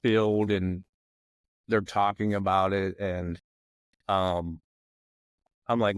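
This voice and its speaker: A man's voice: low voice, level tone, takes it slowly, pauses often, no echo. A man in his forties from the McKeesport area in Pennsylvania, a guest on a podcast, talking casually and rambling with many "you know what I mean" fillers. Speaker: podcast guest, former football player.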